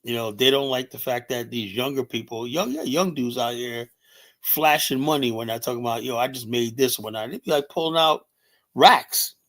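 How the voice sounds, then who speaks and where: A man's voice: medium pitch, normal speed, fairly bright tone. An American man hosting a casual commentary livestream, talking loosely with lots of fillers and profanity. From United States. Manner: loose, rambling, heavy filler words and profanity. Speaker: livestream host.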